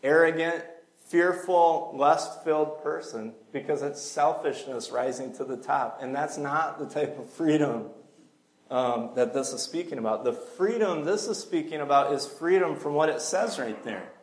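A man's voice: fairly high pitch, normal speed, reverberant, rough recording. A man preaching a sermon in a church sanctuary, earnest and conversational, with small fillers along the way.

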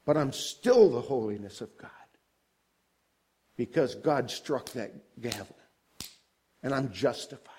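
An older man preaching a sermon, asking the congregation questions and swelling high and loud on key points before dropping low and soft. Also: slow pace, long pauses, husky.

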